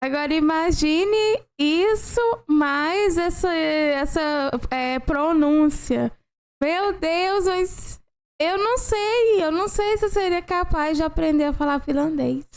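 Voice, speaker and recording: High-voiced woman co-hosting. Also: measured pace. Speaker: reaction channel co-host. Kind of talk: casual reaction commentary.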